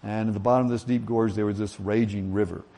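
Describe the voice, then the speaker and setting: Folksy pastor preaching. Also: male voice, lowish voice, steady tone, fast, warm tone. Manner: folksy, self-deprecating, many fillers. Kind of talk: sermon with a told joke. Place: church.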